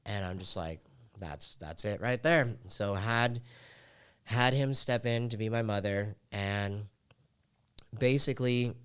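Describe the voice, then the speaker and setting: A man's voice: fairly low pitch, fairly bright tone, smooth. A man hosting a podcast, telling a personal story in a candid, emotional way and leaning heavily on "like" fillers. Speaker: podcast host.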